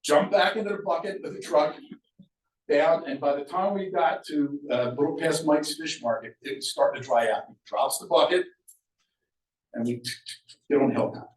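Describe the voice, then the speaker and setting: An older man from Sea Isle City, New Jersey, telling his own memories to an audience in a lively, conversational way, acting out the voices of people in his story. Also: fairly high pitch, normal speed. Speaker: local speaker sharing memories. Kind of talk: public storytelling talk. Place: event room at a museum talk. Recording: roomy echo, mic far off.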